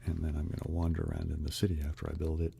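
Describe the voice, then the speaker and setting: Deep gravelly man whispering ASMR. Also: monotone, very fast, a little hiss or hum. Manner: alternates whispers with soft close speech, chats to viewers. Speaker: live stream host. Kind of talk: ASMR whispering and soft speaking. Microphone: close microphone.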